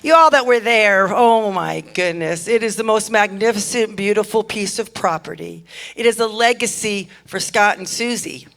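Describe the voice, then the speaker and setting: A woman's voice: mid-range voice, moderate pace, a bit bright. A woman making effusive, heartfelt announcements to a church congregation on a handheld microphone, often repeating her thanks. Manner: effusive, repeats thanks, talks with a catch of emotion. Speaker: church speaker giving announcements. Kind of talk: warm announcements at a church service. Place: church sanctuary.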